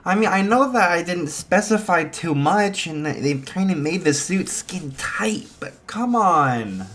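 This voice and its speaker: Young woman, voiced by a male narrator, high, puzzled, innocent protests. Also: animated, a little slow, fairly bright tone, exaggerated voice.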